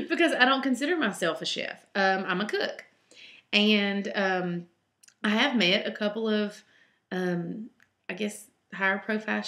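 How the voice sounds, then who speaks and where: A Southern-accented woman talks casually through reader questions, wandering off track and filling gaps with ums. Her voice carries a steady creaky fry at a middle pitch. The recording has a noticeable room echo. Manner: chatty and rambling, with many ums. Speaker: home cook answering reader questions. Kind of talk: casual question-and-answer vlog. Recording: roomy echo.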